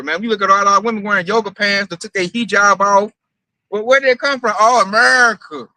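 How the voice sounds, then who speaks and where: A man's voice: sits high, pushed and bright, no echo, low-quality recording. A man preaching in a casual, emphatic and profane way, mocking his targets as he talks.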